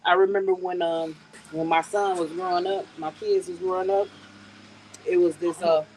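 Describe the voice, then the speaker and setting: A woman's voice: fairly low pitch, little pitch movement, moderate pace, darkish tone, poor audio. A middle-aged woman hosts a casual live stream from her yard, speaking into a phone. She chats freely with her viewers and laughs often. Faint crickets and outdoor noise sit behind her voice. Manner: chatty, laughs often, talks to viewers as y'all.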